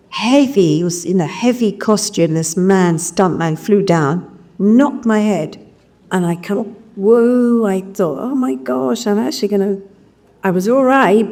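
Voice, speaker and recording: A woman, a film actress, telling behind-the-scenes anecdotes at a convention question-and-answer session in a lively storytelling way. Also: medium pitch. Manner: lively storytelling, piling up descriptive words. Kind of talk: recounting film-set anecdotes to a live audience.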